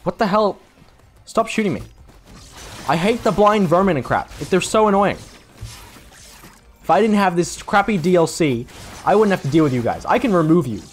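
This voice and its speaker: A man's voice: high-pitched, animated, normal speed, pauses often, soft background music. A young man rambling through casual gameplay commentary late at night, tired, self-deprecating and swearing freely. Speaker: gaming YouTuber.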